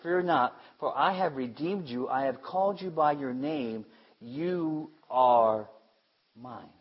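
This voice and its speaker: A man preaching a sermon with emphasis, repeating phrases and swinging between loud declarations and hushed asides. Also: fairly high pitch, slow pace, husky, dull audio.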